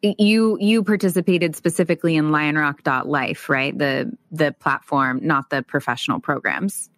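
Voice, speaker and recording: Casual interviewer, middle pitch, playful and teasing, laughs often; dry close recording. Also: normal speed, a bit bright, no room sound.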